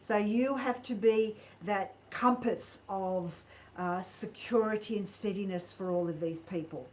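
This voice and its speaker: A woman gives tarot readings on a live stream, earnest and encouraging. She builds up her points with animated emphasis, and a faint noise sits under her voice. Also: medium pitch, a little slow, poor audio.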